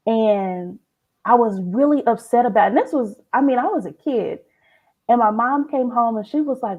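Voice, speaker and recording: A woman's voice: on the high side, fairly quick, husky, dull audio. A woman copywriter, telling stories animatedly as a guest in a casual chat. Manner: animated storytelling.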